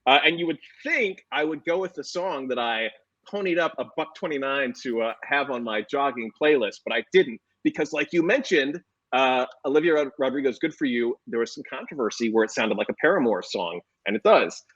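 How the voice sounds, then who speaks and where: A man's voice: medium pitch, fairly quick, a bit bright, dull audio. A man in a casual chat about music picks, jokey and rambling. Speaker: co-host.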